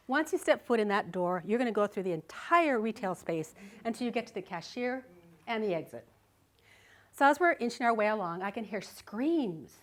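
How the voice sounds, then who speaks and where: A middle-aged woman giving a live talk, telling a personal story vividly and expressively, often laughing. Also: medium pitch. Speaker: speaker. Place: live speaking event.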